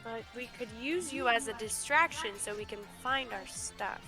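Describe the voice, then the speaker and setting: A woman's voice: on the high side, normal speed, over music. A woman player in a tabletop game, talking casually and sounding unsure of herself. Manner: unsure, hesitant.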